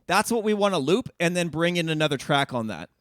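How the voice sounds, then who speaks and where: A man's voice: a little high, expressive, brisk, very noisy. A man teaching DJ techniques on a live stream in a casual, explaining way, with frequent fillers and restarts. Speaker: DJ instructor. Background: dance music playing.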